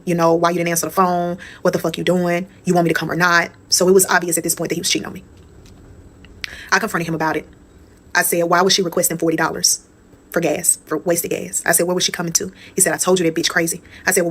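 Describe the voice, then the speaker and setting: Young woman, slightly low register; blunt, chatty storytime delivery. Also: a bit bright. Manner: candid, profane, conversational, addresses viewers as y'all. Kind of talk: casual storytime monologue.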